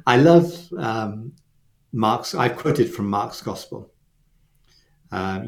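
A man's voice: on the low side, lively intonation, drawn-out words, vocal fry, pauses often. A man co-hosting a faith webcast, explaining scripture and acting out quoted lines with expression. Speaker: webcast co-host. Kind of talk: teaching faith conversation.

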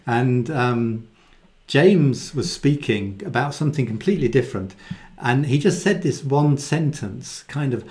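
A man giving a casual, animated Bible talk and often acting out the quoted voices in it. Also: medium pitch, moderate pace, hardly any pauses. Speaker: Bible teacher. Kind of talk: conversational Bible teaching.

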